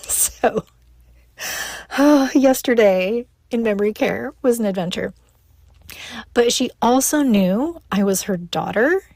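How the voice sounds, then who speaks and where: A middle-aged woman shares her week as she reads out her own newsletter. She sounds chatty and playful and laughs easily, with a voice of ordinary pitch. The sound is close and dry, with almost no room in it. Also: a little mellow, no room sound. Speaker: newsletter author and speaker. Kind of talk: reading a personal newsletter aloud.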